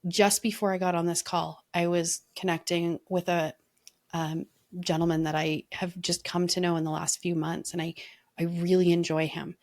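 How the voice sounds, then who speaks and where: A woman's voice: fairly low pitch, little pitch movement, normal speed, a little mellow. A woman leadership coach talking in an earnest, reflective way, telling stories in a casual podcast conversation.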